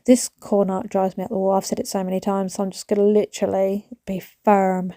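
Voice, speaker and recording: Chatting to her phone camera while she declutters her small home, a British woman in her thirties rambles and keeps lapsing into whispers for her vlog. She speaks a little fast in a warm, medium-pitched, level tone. The audio is dry and clean, of studio quality.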